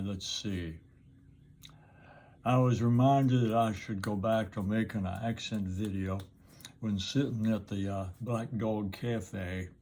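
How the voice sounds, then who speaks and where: An older man with a Southern American accent, talking casually to his camera outdoors in an unhurried, rambling way with plenty of pauses. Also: lowish voice, a little mellow, slight background noise. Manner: slow, rambling and unhurried with frequent uhs. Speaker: vlogger. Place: outdoors in the sun.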